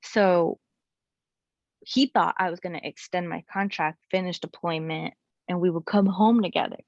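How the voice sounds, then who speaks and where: A young adult woman telling a personal story as a guest, in a candid and animated way with many casual fillers. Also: lowish voice, normal speed, no room sound. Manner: animated, frequent "like" and "you know" fillers. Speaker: guest sharing her story. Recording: slightly muffled, dry recording.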